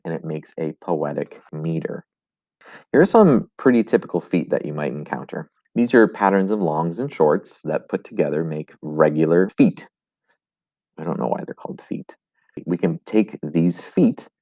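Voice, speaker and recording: A man's voice: sits low, dark tone, dry recording, lo-fi sound. A man teaching Latin in a recorded video lesson. He explains step by step, with fillers and restarts. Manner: chants rhythms as "bum, bum".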